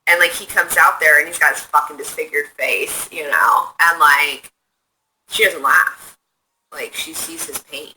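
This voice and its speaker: A woman streams live from her phone, rambling to her viewers and answering their comments. Her voice is very bright and sharp, with a faint hiss behind it. She swears freely and gets excited as she talks. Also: sits low, measured pace, poor audio. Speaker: livestreamer. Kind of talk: casual chat reading viewer comments.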